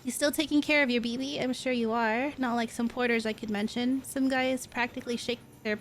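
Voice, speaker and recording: A woman's voice: on the high side, steady tone, fairly quick, slight background noise, natural voice, poor audio. A woman reading as an earnest, caring male porter. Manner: reads game dialogue aloud in an earnest, plain voice. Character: caring male porter, emotional about babies.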